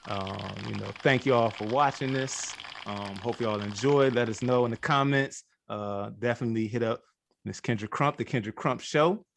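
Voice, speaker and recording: Gravelly laid-back male podcast host. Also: mid-range voice, normal speed, no room sound. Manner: laid-back, laughs often, uses filler phrases. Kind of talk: casual chat.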